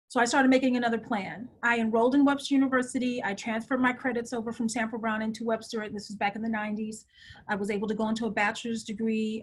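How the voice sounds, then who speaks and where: A middle-aged woman telling her life story as an interview guest, animated and laughing often. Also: fairly high pitch.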